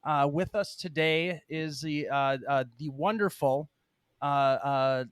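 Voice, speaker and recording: A man hosting a podcast in casual chat, talking in halting bursts with many ums and restarts. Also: fairly high pitch, clean tone, dry recording, studio quality. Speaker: podcast host.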